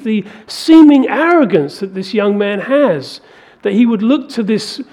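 High-voiced emphatic male preacher. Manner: emphatic, building to forceful peaks. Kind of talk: sermon.

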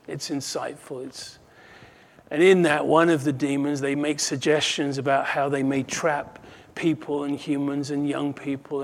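A pastor giving a sermon, earnest and emphatic, repeating phrases for effect. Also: male voice, on the high side.

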